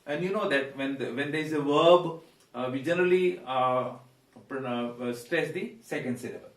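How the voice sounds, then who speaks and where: A man teaching English pronunciation, pausing on fillers and repeating words slowly. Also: mid-range voice, recorded from a distance. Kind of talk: pronunciation lesson. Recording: echoey room, voice away from mic.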